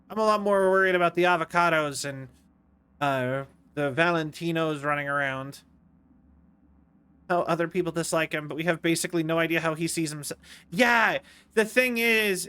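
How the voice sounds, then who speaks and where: A man's voice: a little high, moderate pace, bright, forceful tone, clear, resonant tone. A young man streaming a game, chatting casually in a rambling, playful way that keeps stopping and restarting. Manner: rambling, self-interrupting, playful. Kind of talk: casual gameplay commentary.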